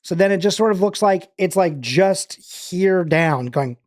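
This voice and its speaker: A man's voice: high voice, lively intonation, measured pace, darkish tone, no room sound, studio quality. A man hosting a livestream in casual, rambling chat, full of fillers and restarts. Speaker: livestream host.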